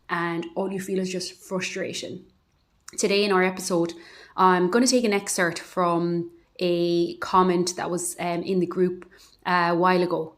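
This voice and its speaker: A woman's voice: on the low side, no echo. Frank woman co-hosting a podcast. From Ireland. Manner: frank, reflective, sometimes swears. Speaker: podcast co-host. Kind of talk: candid personal monologue.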